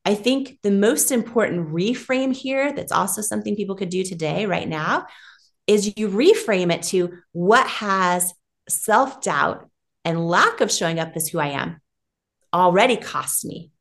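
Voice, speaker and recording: A middle-aged woman, a guest on an interview podcast, telling an emotional personal story in a lively way and acting out other people's lines. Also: medium pitch, measured pace. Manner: animated, emotional storytelling with quoted voices.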